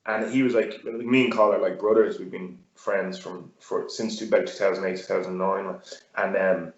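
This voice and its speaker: Speaking at a normal pace, this guest has a low voice and a steady tone. He's an Irish fighter and gym owner being interviewed, talking loosely with lots of fillers and false starts, captured in a roomy, muffled recording.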